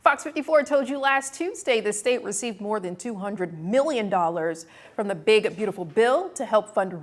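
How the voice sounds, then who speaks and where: A woman reading local TV news stories in a clear, even newsreader delivery. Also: medium pitch. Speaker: news anchor.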